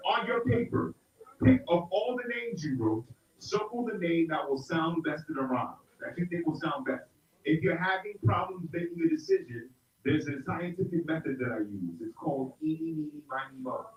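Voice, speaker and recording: A middle-aged man from South Carolina runs a lively hip-hop rhyming lesson, calling out to the group and getting them to answer back. His voice sits a little high. He is recorded from a distance in a roomy space, and the sound is muffled. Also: normal speed. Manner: upbeat call-and-response with a group, playful. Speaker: hip-hop teaching artist. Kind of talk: interactive workshop lesson. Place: indoor room with an audience.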